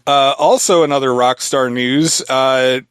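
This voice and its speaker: A man's voice: mid-range voice, steady tone, unhurried, fairly bright tone, smooth, no room sound. A man co-hosting a podcast, reading the news in a laid-back, dry way. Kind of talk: casual podcast chat.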